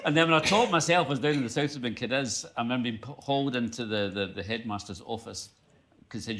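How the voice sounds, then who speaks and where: A man's voice: mid-range voice, quick pace, a bit bright. A man chairing a live book festival question session, calling on the audience and telling anecdotes in a conversational way. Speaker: event chair.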